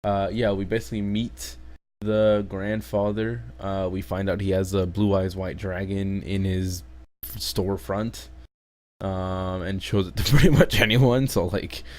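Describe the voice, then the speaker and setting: Low-voiced man ranting casually. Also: steady tone, a little slow, a little mellow. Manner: rambling, swears heavily, laughs in disbelief. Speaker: anime review host. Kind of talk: casual chat.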